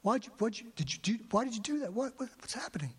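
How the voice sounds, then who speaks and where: This preacher's high voice is slightly rough, swinging widely in pitch at a quick pace. Addressing his congregation, he recounts his story with feeling and frequent repetition, his words echoing with long hall reverb.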